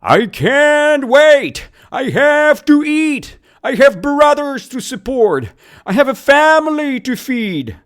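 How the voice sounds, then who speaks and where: Teacher playing a frantic male kangaroo, high-pitched yelling, drawn-out shouts. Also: sing-song, heavily acted. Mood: desperate yelling.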